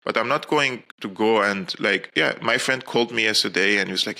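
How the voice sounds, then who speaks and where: Brief: man from Syria, guest, very bright forceful tone, rambles with energy. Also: fairly low pitch, a little fast, creaky. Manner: animated, rambling, laughs at own points. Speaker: guest commentator. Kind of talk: casual interview talk.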